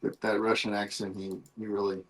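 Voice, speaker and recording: A man in a family interview who speaks hesitantly, his sentences trailing off quietly. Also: lowish voice, monotone, brisk, crowd noise, poor audio. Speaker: family member, interview guest. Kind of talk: casual interview chat.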